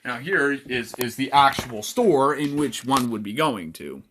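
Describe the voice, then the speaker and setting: A man casually reading his own dark comic aloud, irreverent and swearing, chuckling between lines. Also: mid-range voice, expressive, measured pace, slight background noise.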